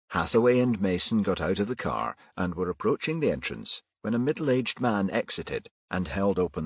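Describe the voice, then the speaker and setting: Husky-voiced male audiobook narrator. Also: sits low, lively intonation, normal speed, hardly any pauses, dry recording, studio quality. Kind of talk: scripted narration.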